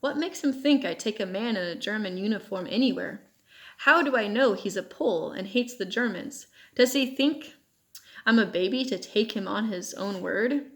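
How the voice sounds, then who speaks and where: A woman's voice: medium pitch, normal speed, a bit bright, lightly acted. A woman reading as a stern sea captain. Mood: severe. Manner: severe, questioning. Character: stern middle-aged male boat captain uncle.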